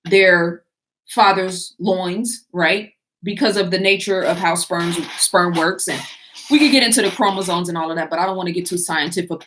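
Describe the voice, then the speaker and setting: A middle-aged woman hosts a live Q&A, answering viewer questions in a loose, casual way full of fillers and restarts. Her voice is on the low side and a bit bright.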